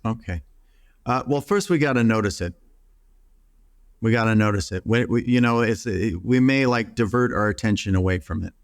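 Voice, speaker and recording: A man's voice: fairly low pitch, normal speed, dry recording, clean studio sound. A middle-aged man, a psychotherapist, talking earnestly in an interview and stumbling through restarts. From United States. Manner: earnest, acts out quoted voices, many restarts. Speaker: psychotherapist guest. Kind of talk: reflective interview talk.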